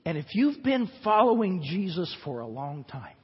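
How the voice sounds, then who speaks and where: Male pastor with a high voice and conversational, emphatic sermon delivery in a reverberant church. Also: big pitch swings, moderate pace, slightly rough. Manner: conversational preaching with emphatic repetition. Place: church sanctuary. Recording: dull church recording with long reverb.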